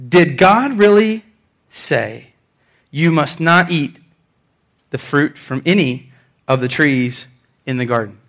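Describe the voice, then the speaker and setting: A man voicing a sly male serpent, speaking slowly and low in a coaxing, sneaky way. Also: expressive, fairly bright tone, exaggerated voice. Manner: slow, low, drawn-out.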